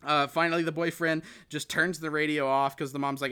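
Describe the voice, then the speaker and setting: A man chatting casually on a podcast, retelling a film plot as he goes. His voice sits a little high and sounds bright and forward. He rambles, stops to restart sentences and fills the gaps with ums and likes. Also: flat delivery, a little fast, clean tone. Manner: rambling, full of fillers and restarts, quotes characters. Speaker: podcast host. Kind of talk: casual chat recapping a film.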